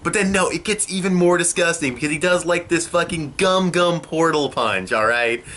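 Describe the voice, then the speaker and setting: Young male reviewer, bright forceful voice, casual and profane, home setup. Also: on the high side, normal speed. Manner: excitable and profane, swears often. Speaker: anime reviewer. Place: home room.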